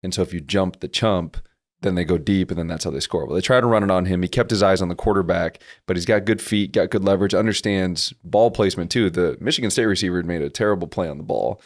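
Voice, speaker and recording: A man's voice: sits low, quick pace. A young man co-hosting a casual sports podcast, patiently explaining football plays and rules. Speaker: podcast co-host.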